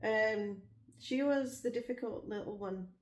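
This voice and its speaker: With a fairly high voice and a slightly slow pace, a woman from Liverpool, England, rambles frankly about her life in casual vlog chat. Her accent is Liverpudlian, and the room echoes.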